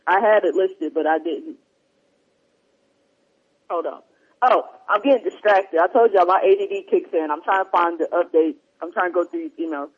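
A man with a high, breathy-edged voice hosts a talk show, chatting casually and reading listener emails in a rambling, easily sidetracked way. He's on headphones over a remote line, and the audio sounds dull and lo-fi.

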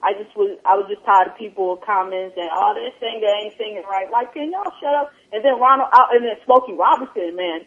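A woman with a husky voice chats casually, animated and laughing often as she keeps quoting herself. The sound is tinny and thin, like a phone line. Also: mid-range voice, fairly quick, hardly any pauses. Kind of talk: casual podcast chat.

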